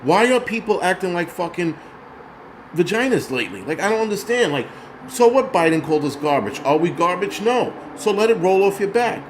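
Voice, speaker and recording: A man's voice: high voice, very animated, fairly quick, slight background noise. A man of Puerto Rican origin hosting his own show, ranting in a heated, profane, mocking way. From Puerto Rico. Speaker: host. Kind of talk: angry ranting commentary.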